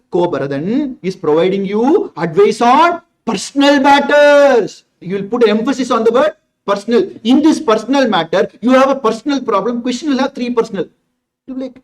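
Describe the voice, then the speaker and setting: A man with an extremely high-pitched voice and a Tamil Indian English accent teaches an exam revision class. He is emphatic and repetitive, firing rhetorical questions at his students.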